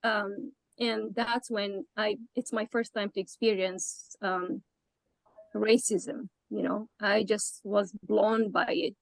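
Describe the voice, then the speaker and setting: A woman participant in a webinar, sharing a personal account hesitantly, with many pauses and restarts. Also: medium pitch, flat delivery, gravelly, no room sound, poor audio.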